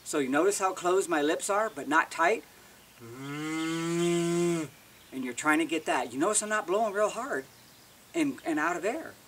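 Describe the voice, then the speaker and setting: A man's voice: high-pitched, sing-song, brisk, vocal fry, a bit bright, recorded from a distance, a little hiss or hum. A man giving a casual, plain-spoken how-to demonstration as an elk-calling instructor, often restarting words.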